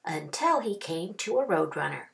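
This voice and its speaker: A woman kindergarten teacher reading a picture book aloud, expressive with drawn-out phrases. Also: on the low side, creaky.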